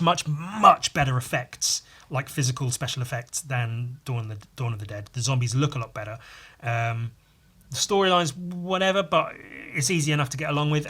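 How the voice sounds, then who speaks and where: A man chatting on his podcast, swearing freely as he rambles through strong opinions. His voice is bright and forceful, with a middling pitch and plenty of filler words. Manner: profane, ranting, opinionated. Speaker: podcast host. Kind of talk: casual chat.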